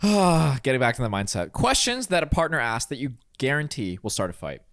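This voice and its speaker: A man co-hosting a podcast, chatting casually and delivering dry, deadpan jokes. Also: mid-range voice, a little fast, no room sound. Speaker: podcast co-host. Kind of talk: casual comedic chat.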